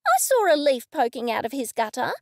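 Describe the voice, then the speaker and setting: A woman voicing a fussy, complaining older female neighbour in a storybook reading, with a shrill, nosy, whiny manner. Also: big pitch swings, brisk, creaky, dry recording, studio quality, heavily acted.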